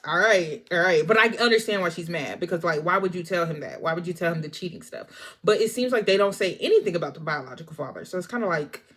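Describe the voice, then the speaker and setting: A woman recapping a movie in a chatty, expressive way, talking straight to her viewers. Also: fairly low pitch, fast. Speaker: movie reviewer.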